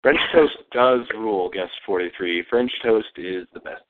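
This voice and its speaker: A man's voice: fairly low pitch, normal speed. A man being interviewed in a casual online chat, joking and easily sidetracked, heard over a call. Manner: joking, easily distracted, playful. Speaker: interviewee, Let's Play creator. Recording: tinny phone-like call audio.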